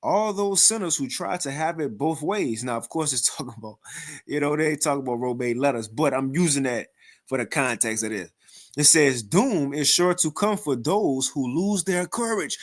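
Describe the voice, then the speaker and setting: Animated, mocking man with a higher voice. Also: moderate pace. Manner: animated and mocking, with repeated words and restarts. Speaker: scripture teacher reacting to another video. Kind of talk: informal scripture commentary with readings.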